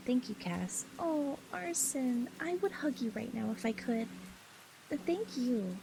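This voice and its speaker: A woman streamer chatting casually with her viewers, reading their messages aloud in a soft, affectionate, giggly way. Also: a little high, lively intonation, unhurried, gravelly, crowd noise, poor audio.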